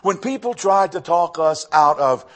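A male pastor preaching a sermon, emphatic, often repeating his words and swinging between raised and hushed phrases. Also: on the high side, expressive, moderate pace.

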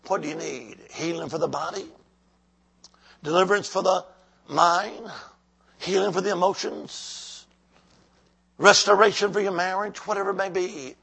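A man preaching a revival sermon, exhorting the congregation and swinging from shouts to whispers. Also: sits high, fairly even intonation, normal speed, creaky, long pauses. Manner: calls out to the congregation.

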